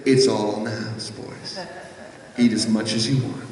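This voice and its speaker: A man putting on a deep, smooth barbecue host. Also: steady tone, darkish tone, recorded from a distance, lightly acted. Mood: generous. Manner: slow, generous, reassuring. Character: big, deep-voiced, gracious barbecue man. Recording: echoey live hall.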